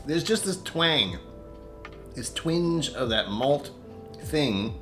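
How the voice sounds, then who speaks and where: A man's voice: a little high, expressive, extremely slow, a bit bright, soft background music. A man hosting a casual whiskey-tasting livestream from his apartment, rambling, talking to himself and chuckling often.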